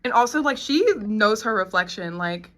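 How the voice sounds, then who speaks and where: A woman's voice: mid-range voice, lively intonation, moderate pace, a bit bright. A woman in her twenties chatting at home, telling her story to viewers in a casual, talkative way. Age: 20s. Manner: chatty, addresses viewers as y'all. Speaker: vlogger.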